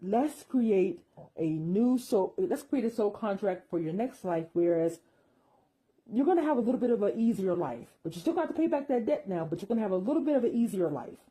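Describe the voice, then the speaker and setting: A woman voicing a smooth-talking male deity who coaxes someone into a deal, reassuring and persuasive. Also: mid-range voice, expressive, fairly quick, dark tone. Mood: coaxing.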